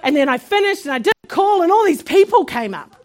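A woman preacher speaks very fast in a very high pitch while telling her testimony from the pulpit. Full of animation, she laughs a lot and performs the different voices in the story.

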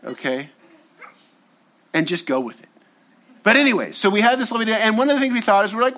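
A man's voice: sits high, big pitch swings, quick pace, long pauses, pushed and bright. A man preaching as a pastor, telling a casual story with slangy asides to his congregation before turning to his teaching. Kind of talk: sermon.

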